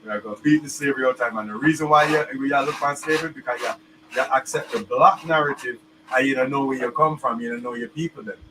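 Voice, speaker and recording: A man's voice: mid-range voice, quick pace, background noise. Man in a distant clip. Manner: patois phrasing, repeats himself. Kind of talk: casual explanation.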